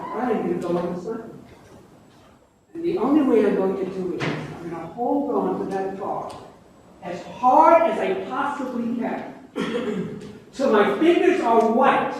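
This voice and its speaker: High-voiced older New Yorker in an echoey hall. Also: male voice, normal speed. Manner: animated, folksy, self-mocking. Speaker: guest lecturer. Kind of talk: storytelling talk to a class. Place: large lecture hall. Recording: echoey lecture hall from far off, faint noise.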